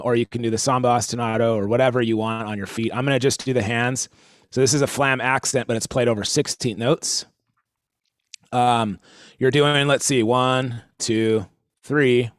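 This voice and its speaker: A man with a bright, forceful voice runs a livestream drum lesson in an easygoing way. He talks through patterns step by step and calls out count-ins. His pitch sits in the middle for a man. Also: no room sound, studio quality. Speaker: drum instructor.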